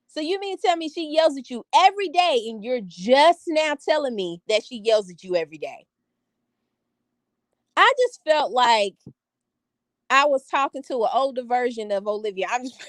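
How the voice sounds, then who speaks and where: A woman holds a casual live stream from home. She speaks in a high voice with a sassy, animated edge, addressing her viewers directly. The sound is dry and close, with no room echo. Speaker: vlogger talking to live chat.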